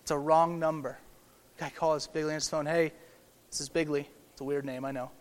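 A man's voice: on the high side, flat delivery, a little fast. Conversational man preaching a sermon. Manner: conversational, storytelling, builds to emphatic peaks. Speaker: pastor.

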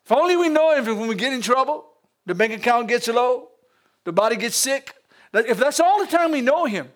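A man's voice: extremely high pitch, animated, fairly quick, fairly bright tone. A man with a Louisiana accent preaching a sermon, talking to the congregation with laughs and call-outs. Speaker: pastor.

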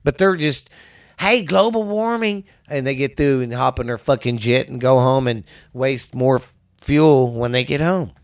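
Dude hosting a chat show, cussing a lot, ranting, regular mid voice. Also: male voice, mid-range voice, fairly even intonation, moderate pace. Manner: profane, blunt, ranting.

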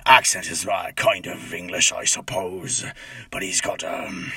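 A man answering interview questions in a relaxed, musing way, with self-deprecating asides. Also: deep voice, moderate pace, husky, no echo, clean studio sound. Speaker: voice actor interviewee. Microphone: call recording.

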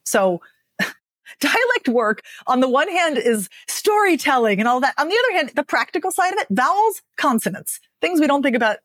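A woman speaking as a speech and dialect coach, explaining with emphatic, lively phrasing and frequent "right?" checks. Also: high voice, fast, hardly any pauses, no room sound, studio quality. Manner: animated, emphatic, lots of "right?". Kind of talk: podcast interview guest.

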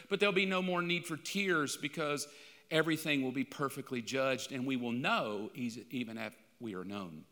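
A man preaching a sermon as pastor, emphatic and rising to loud bursts. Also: medium pitch, long reverb tail.

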